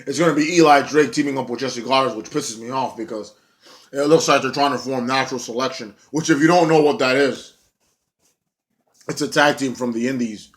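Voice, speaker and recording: A man's voice: medium pitch, a little fast. A young man giving a casual spoken review, blunt and rambling, swearing often and filling with ums and likes. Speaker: wrestling show reviewer.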